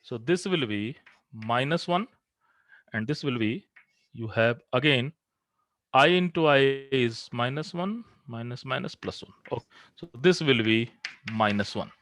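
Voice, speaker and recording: A man's voice: mid-range voice, lively intonation, unhurried, fairly bright tone. A man teaching physics in a classroom. He works through equations step by step and asks the class questions that he then answers himself. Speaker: physics lecturer. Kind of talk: classroom lecture.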